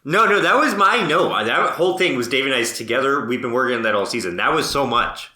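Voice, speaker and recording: A man's voice: mid-range voice, lively intonation, quick pace, bright, forceful tone, roomy sound. A man co-hosting a podcast, chatting casually and laughing often as he retells a story. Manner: laughs often, tells stories with quoted dialogue. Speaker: podcast co-host. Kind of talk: casual chat.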